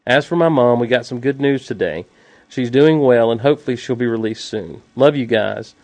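A man's voice: medium pitch, moderate pace, a little mellow, no room sound. A man co-hosting a casual podcast, making wry jokes and reading a listener email sincerely. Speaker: podcast co-host.

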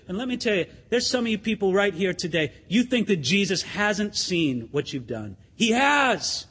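A man's voice: high voice, very animated, moderate pace, fairly bright tone, husky. A pastor preaching a sermon in an earnest, emphatic way, addressing his listeners as friends in a church sanctuary. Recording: long hall reverb.

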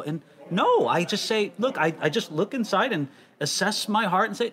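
A man with a fairly high voice and a very lively, swooping pitch hosts a relaxed conversation. He reads questions aloud and pushes his co-host with playful, curious follow-ups. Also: brisk. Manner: animated, inquisitive, teasing. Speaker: host reading listener questions. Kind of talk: casual conversation.

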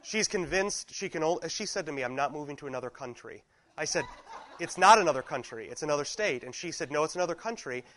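A man's voice: fairly high pitch, lively intonation, quick pace, a bit bright, slight background noise, low-quality recording. A man, a teacher in his thirties, chatting casually to a class, rambling through anecdotes and cutting himself off mid-sentence. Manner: rambling, anecdotal, self-interrupting.

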